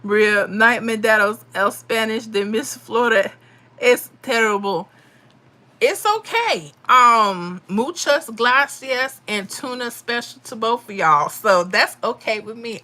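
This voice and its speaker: A woman's voice: on the high side, expressive, unhurried, sharp tone. A woman hosting a live stream, casually chatting with viewers and reading their comments, laughing often. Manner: chatty, laughs often, Southern-style speech. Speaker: livestream host reading chat.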